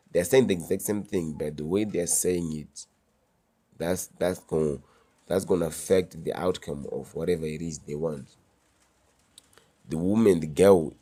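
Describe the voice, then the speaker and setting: A man's voice: sits low, mellow, slightly rough. A man talking straight to camera in a casual advice monologue, slangy and emphatic, repeating his key words. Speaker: advice vlogger.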